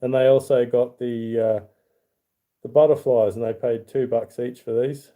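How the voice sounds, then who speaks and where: A man's voice: mid-range voice, steady tone, normal speed, dark tone. A middle-aged Australian man hosting a casual livestream, rambling in a friendly way and reading viewer comments aloud. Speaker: YouTube channel host.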